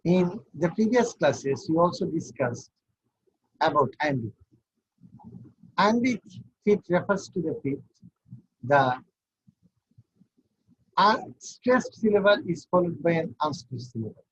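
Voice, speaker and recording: A man's voice: a little high, lively intonation, slow pace, long pauses, husky, lo-fi sound. A man giving an online university class, explaining step by step and counting things out. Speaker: university lecturer.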